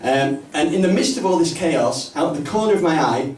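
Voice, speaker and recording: A man with a Northern English accent doing a stand-up comedy set in a small pub club, with punchy, deadpan delivery. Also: fairly high pitch, a little fast, a little hiss or hum. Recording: roomy, distant live mic, faint ambience.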